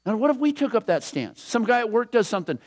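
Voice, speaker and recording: A male pastor giving a conversational sermon, often dropping to a hushed voice for scripture quotes and chuckling between thoughts. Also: extremely high pitch, very animated, quick pace.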